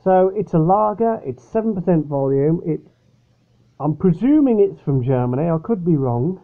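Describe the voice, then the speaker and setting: A man's voice: fairly high pitch, expressive, normal speed. A young man casually reviewing a beer at home, rambling and chatty and often correcting himself. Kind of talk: casual product review vlog. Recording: tinny phone-like recording.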